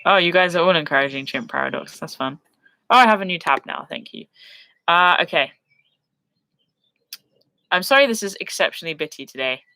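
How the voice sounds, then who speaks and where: Young woman, bright voice, dry close sound, chatty, laughs a lot, live stream host. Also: lowish voice, animated, brisk, pauses often, dry recording. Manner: chatty, self-deprecating, laughs often. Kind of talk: casual live chat reading viewer questions.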